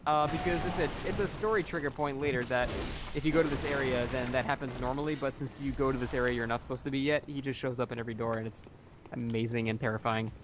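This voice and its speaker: Man, mid-pitched voice, chatty game explainer, casual stream talk, audible background noise. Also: fairly even intonation, fast talker. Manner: talkative, explaining game details with laughs. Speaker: co-host. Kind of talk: casual gaming chat.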